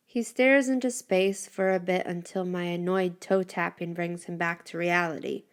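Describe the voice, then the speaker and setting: Expressive woman reading a story aloud. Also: on the low side, moderate pace, clean tone. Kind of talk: first-person story read aloud.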